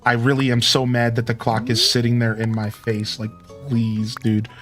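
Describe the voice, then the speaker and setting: A man's voice: mid-range voice, monotone, moderate pace, fairly bright tone, faint music behind. A man streaming a cozy building game, chatty and upbeat as he thinks aloud about his choices. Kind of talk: let's play commentary.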